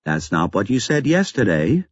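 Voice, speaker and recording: A man voicing a calm, earnest and stiffly formal man in an audiobook, measured and precise, on a slightly dull lo-fi recording. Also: fairly low pitch, breathy edge, no room sound. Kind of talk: audiobook character voice.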